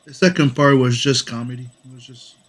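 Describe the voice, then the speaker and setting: A man's voice: mid-range voice, a little fast. A man with a cold, hosting a drawing stream in casual chat and swearing now and then. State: sick with a cough. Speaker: comic artist streaming.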